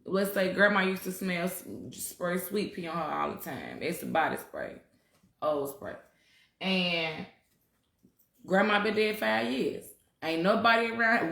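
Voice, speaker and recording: A woman's voice: lowish voice, expressive, unhurried, vocal fry, a bit bright. Blunt, profane woman in a roomy space. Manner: blunt and profane, talks to viewers directly. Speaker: spiritual talk host. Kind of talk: casual livestream talk.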